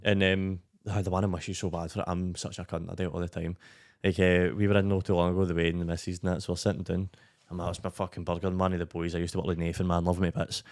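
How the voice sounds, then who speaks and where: A man's voice: low voice, fast talker. A young man with a Scottish accent, a podcast guest telling rambling, sweary stories in casual chat. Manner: rambling, sweary, animated storytelling.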